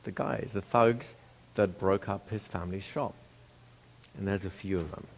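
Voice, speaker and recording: A man's voice: low-pitched, steady tone, normal speed, creaky. A man telling a story in a casual, conversational way, with restarts and asides to the listener.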